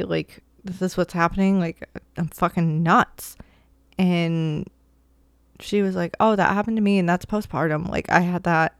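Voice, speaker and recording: A young woman speaks candidly about her life as a new mother, rambling loosely and leaning on fillers. Her voice is smooth and a touch low, and the sound is close and dry with no room around it. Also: no room sound. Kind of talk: casual personal storytelling.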